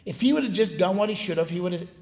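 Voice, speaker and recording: Animated man telling a story in a big hall. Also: high voice, rapid-fire. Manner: animated, acts out quoted voices. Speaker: motivational speaker. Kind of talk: storytelling speech to a live audience. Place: large gymnasium. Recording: long hall reverb.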